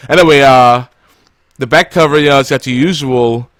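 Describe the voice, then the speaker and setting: A man hosts a podcast in a relaxed, rambling way, full of ums and jokes. His voice sits in the middle range and sounds dry and close to the mic. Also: mid-range voice, moderate pace, no room sound. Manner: rambling, many fillers, joking. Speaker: podcast host. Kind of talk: casual podcast chat.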